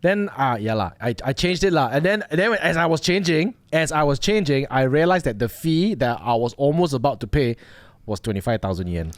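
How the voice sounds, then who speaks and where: A man's voice: mid-range voice, brisk, no room sound. A man with a Malaysian English accent, hosting a casual podcast chat and acting out dialogue as he tells stories. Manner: animated storyteller, acts out dialogue. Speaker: podcast host.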